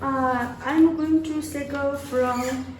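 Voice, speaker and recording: A woman student practicing English in class, speaking carefully and haltingly. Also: high voice, fairly even intonation, darkish tone, reverberant, recorded from a distance, a little hiss or hum. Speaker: language student.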